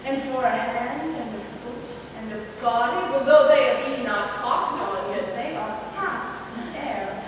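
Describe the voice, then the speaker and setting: A woman's voice: on the high side, measured pace, close to an everyday voice. A woman acting a fussy, talkative older nurse who rambles, teases and grumbles about her aching bones. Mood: teasing. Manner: rambling, teasing, complaining of aches. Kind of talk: stage acting. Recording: echoey hall, far mic, noisy.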